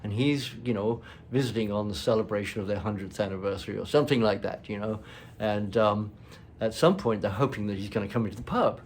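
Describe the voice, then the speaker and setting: A man's voice: fairly low pitch, a little fast, hardly any pauses, a little mellow, slight background noise. A man with an upper-class English accent telling rambling stories on his vlog in a chatty way, full of fillers. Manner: chatty, laughs often, filler-heavy. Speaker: vlog host. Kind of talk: rambling anecdotal storytelling.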